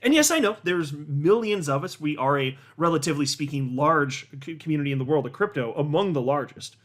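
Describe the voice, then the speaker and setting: A man giving casual, animated commentary as a hobby YouTuber, with sarcastic asides and little rants. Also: a little high, a little fast. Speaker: crypto YouTuber.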